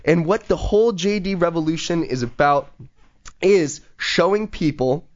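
A man's voice: a little high, lively intonation, unhurried. A man hosting a casual podcast chat, talking in an eager, motivational way with plenty of fillers. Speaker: podcast host. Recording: dull lo-fi recording.

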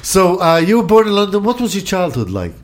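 High, lively male interviewer. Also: fairly quick. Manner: short affirmations, hesitant questions. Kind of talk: casual interview.

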